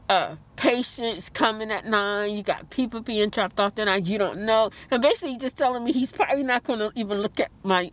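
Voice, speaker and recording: High-voiced woman, upset and rambling. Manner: upset, rambling, repeats herself; outbursts of disbelief. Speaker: vlogger. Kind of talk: emotional vlog rant.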